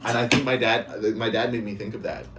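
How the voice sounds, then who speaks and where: Animated, playful man in echoey room. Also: on the low side, a little fast. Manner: animated, playful storytelling with crude jokes. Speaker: podcast co-host. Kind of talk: casual chat. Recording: echoey room from a distance, faint hum.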